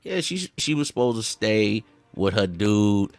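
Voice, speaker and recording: A man with a lowish, very animated voice takes his time hosting satirical commentary over clips. He rambles in a Southern drawl full of slang, keeps saying "see," and stumbles over restarts.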